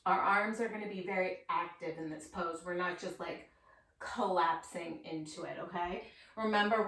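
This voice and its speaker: A woman teaching a yoga class, calmly and slowly cueing poses and breaths. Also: medium pitch, recorded from a distance. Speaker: yoga instructor. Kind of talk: guided yoga class instruction. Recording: echoey room, voice set back from the mic.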